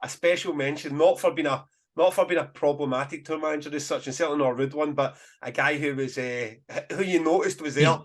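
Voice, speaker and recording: Scottish guy chatting on a podcast, animated stories, voice on the higher side. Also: fast talker, hardly any pauses. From Scotland. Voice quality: animated storyteller, bursts of laughter. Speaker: festival promoter and podcast host. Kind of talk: casual podcast chat.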